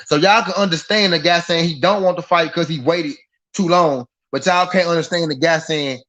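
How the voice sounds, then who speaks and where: A man's voice: fairly high pitch, normal speed, a bit bright. A man hosting a live boxing talk stream, ranting in a heated, profane way and repeating himself for emphasis. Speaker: boxing podcast host. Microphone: live-stream mic.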